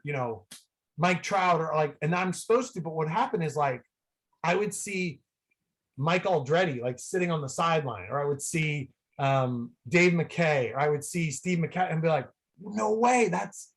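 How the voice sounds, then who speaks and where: A man from the San Francisco Bay Area, a guest on a video call, telling rambling, excitable stories full of "like" fillers. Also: a little high. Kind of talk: casual storytelling.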